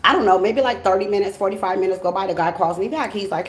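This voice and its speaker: Animated woman telling a story in an echoey room. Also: medium pitch, fast talker. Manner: animated, swearing, laughing storyteller who acts out dialogue. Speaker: tarot reader and channel host. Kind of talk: casual storytelling to viewers.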